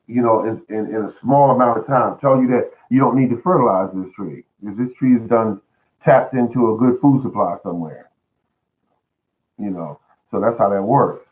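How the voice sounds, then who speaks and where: A man hosting a home gardening show, giving casual advice in a folksy, earnest way and often repeating words as he restarts. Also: lowish voice. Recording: tinny phone-like sound.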